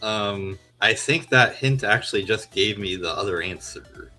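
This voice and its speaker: A man's voice: on the low side, unhurried, bright, forceful tone, faint music behind. A man making dry jokes as a quiz player on a casual podcast.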